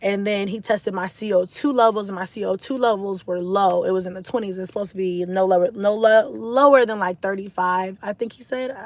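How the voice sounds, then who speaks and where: A stressed woman telling a personal story to her live stream viewers in a candid, animated way, swearing freely and filling her talk with "like" and "you know.". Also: medium pitch, brisk, few pauses, no room sound. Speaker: vlogger talking to a live stream audience. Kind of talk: casual storytelling.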